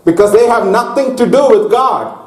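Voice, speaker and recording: A man preaching a sermon to a congregation, slow and deliberate, stopping to ask his listeners questions. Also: very high-pitched. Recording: echoey hall.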